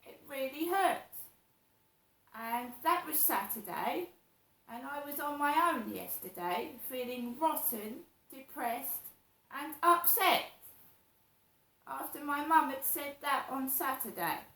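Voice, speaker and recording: A middle-aged woman talks slowly and at length, circling back over the same grievances. Her voice sits fairly high and carries a roomy echo. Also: animated, a bit bright. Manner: slow, repetitive, aggrieved storytelling. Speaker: vlogger. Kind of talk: personal monologue.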